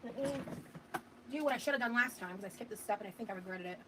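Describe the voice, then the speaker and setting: A woman's voice: mid-range voice, fast, background noise. A woman rambling casually to her live-stream chat while she cooks, swearing now and then.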